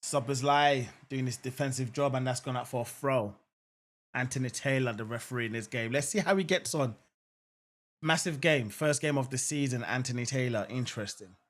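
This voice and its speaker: At a moderate pace and medium pitch, this young Englishman hosts a live football watchalong, commenting on the play and chatting in a relaxed way with viewers. His talk is loaded with fillers like "um" and "I'm not gonna lie," repeated phrases, and sudden excited shouts at near-misses.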